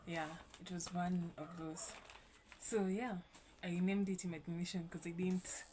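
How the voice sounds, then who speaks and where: Laid-back young woman vlogging, lowish voice. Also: fairly even intonation, a little slow, mellow, slight background noise. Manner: casual, rambling, swears lightly. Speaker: YouTube host. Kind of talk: casual vlog commentary.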